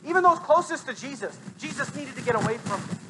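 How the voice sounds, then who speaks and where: A pastor preaching to his congregation in church, conversational with asides to listeners, swinging between loud emphatic bursts and quiet low stretches. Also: animated, fast talker, music in the background. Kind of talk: sermon. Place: church sanctuary.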